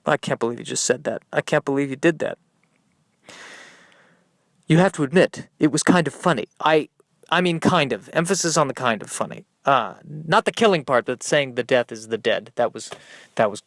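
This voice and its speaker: A man's voice: mid-range voice, expressive, normal speed, a bit bright, dry recording, clean studio sound. A man playing a flustered, fretful starship captain in a comedy audio sketch, stammering and apologizing as he dithers. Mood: sheepish.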